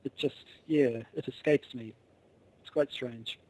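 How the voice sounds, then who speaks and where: A man's voice: mid-range voice, steady tone, measured pace, darkish tone, low-quality recording. A man co-hosting a podcast over a video call, wry and rambling, often restarting his sentences. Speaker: podcast co-host. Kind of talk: casual chat over a call.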